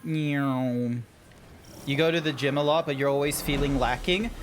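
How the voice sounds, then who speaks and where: A man's voice: medium pitch, unhurried, slight background noise. An Australian man streaming a video game, talking to himself and to his chat in a rambling way. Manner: chatty, rambling self-talk. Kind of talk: casual gameplay commentary. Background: game music.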